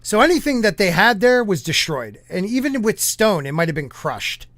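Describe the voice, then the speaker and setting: Male podcast host, higher voice, rambling and halting, dry close sound. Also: big pitch swings, a bit bright, dry recording. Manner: rambling, halting, many fillers and restarts. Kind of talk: casual podcast chat.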